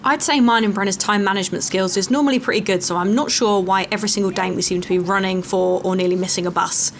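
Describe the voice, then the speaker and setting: Young woman vlogger rattling on fast about her hike, jokey about herself, a bit of background noise. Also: medium pitch, steady tone. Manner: chatty, self-mocking. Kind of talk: casual travel vlog chat and voice-over.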